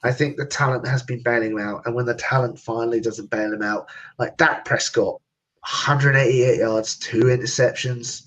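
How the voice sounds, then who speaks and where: A man's voice: mid-range voice, steady tone, moderate pace, fairly bright tone, poor audio. A man hosting a casual sports podcast, ranting sarcastically and laughing. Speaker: podcast host.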